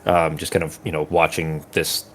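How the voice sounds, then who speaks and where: A man's voice: a bass voice, level tone, moderate pace, fairly bright tone. A man running a tabletop game as game master, rambling and searching for words while he describes scenes in vivid detail.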